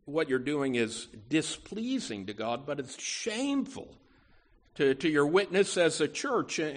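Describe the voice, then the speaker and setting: A man preaching a sermon, emphatic, often adding "you know" asides, with words that swell and drop. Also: on the high side.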